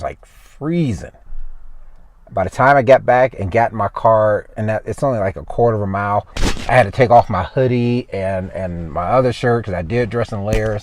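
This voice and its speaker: Deep-voiced man vlogging, out of breath. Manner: chatty, breathless commentary while climbing stairs. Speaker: travel vlogger. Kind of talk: casual travel vlog narration. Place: inside a stone tower and outdoors at a canyon rim.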